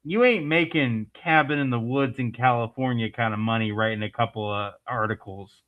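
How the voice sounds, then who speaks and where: A man's voice: medium pitch, normal speed. Laid-back man, dull lo-fi sound. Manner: laid-back, joking, many fillers. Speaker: podcast co-host. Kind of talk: casual movie chat.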